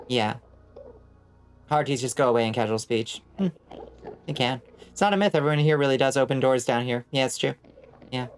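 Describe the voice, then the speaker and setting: A woman's voice: rumbling low, a little fast, long pauses. A woman from Georgia with a Southern accent, chatting casually with her stream chat while gaming. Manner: chatty, answers chat aloud, plays with pronunciations. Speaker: vtuber streamer.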